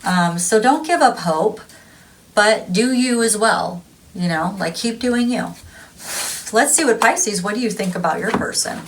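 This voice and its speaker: A woman's voice: medium pitch, animated, unhurried, a little hiss or hum, low-quality recording. A woman giving a casual tarot reading, chatty and gushing, laughing often. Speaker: tarot reader.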